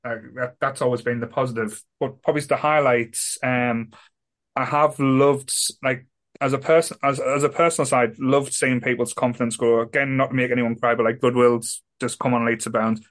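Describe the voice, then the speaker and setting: A man's voice: medium pitch, fairly even intonation, moderate pace. A man co-hosting a casual group chat, rambling, restarting and swearing a lot. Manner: rambling, repeats himself, swears. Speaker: co-host.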